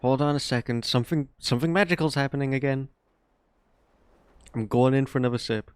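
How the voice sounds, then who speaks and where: A man giving casual, rambling gameplay commentary as a let's play host, quick to marvel at what he sees. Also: mid-range voice, clear, resonant tone, no room sound. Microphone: desk microphone. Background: faint game music.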